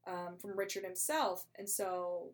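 A woman in a casual chat, retelling a play in a chatty, animated way and acting out the characters' lines. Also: on the low side, a little slow.

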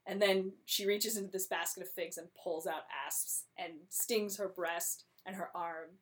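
A woman's voice: lowish voice, fairly even intonation, moderate pace. Young woman summarizing a play, chatty, doing little voices for the characters. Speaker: co-host retelling a play. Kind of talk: casual comedic retelling.

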